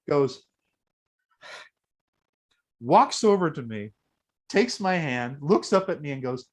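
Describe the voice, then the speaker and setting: A man speaking as an interview guest in a relaxed, storytelling way. He circles back often with fillers and restarts. He gets choked up as he talks. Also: a little high, slow pace, pauses often, poor audio. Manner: emotional, many fillers and restarts. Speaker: guest, costume performer.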